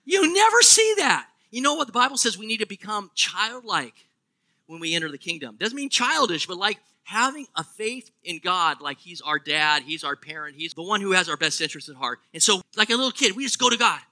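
A man preaching a sermon, animated and asking the congregation questions. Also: sits high, a little fast. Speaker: pastor.

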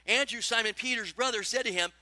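A male pastor delivers a lively sermon and keeps putting questions to his listeners. His voice sits high and sounds very bright. The recording is close and dry, with no room sound. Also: quick pace, no room sound. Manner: animated preaching, asks the congregation questions.

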